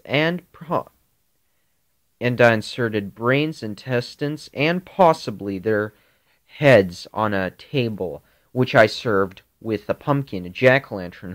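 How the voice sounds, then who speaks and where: A man improvising a grisly Halloween story in a rambling, halting way. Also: on the low side. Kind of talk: improvised spoken horror story.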